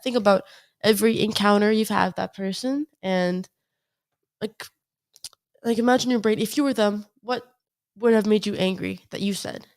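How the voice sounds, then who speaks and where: Thoughtful young woman, hesitant and measured. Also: medium pitch. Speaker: guest. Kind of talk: casual conversation.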